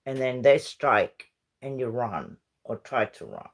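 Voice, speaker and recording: Slow-talking woman. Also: extremely low pitch, sing-song. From Uruguay. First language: Spanish. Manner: rambling and chatty, switching between English and Spanish. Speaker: livestream host chatting with viewers. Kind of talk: casual live-stream chat.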